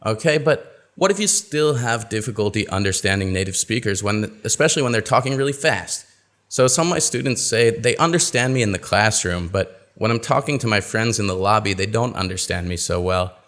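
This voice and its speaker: A man teaching pronunciation in a webinar, explaining and acting out example sentences in a lively, expressive way. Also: on the low side, brisk. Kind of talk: webinar lesson.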